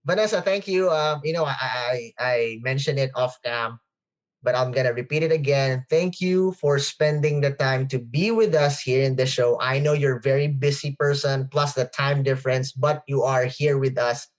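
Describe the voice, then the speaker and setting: A podcast host on a video call who talks in an excitable, effusive way, laughs often and repeats phrases. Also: medium pitch, moderate pace. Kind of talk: interview chat.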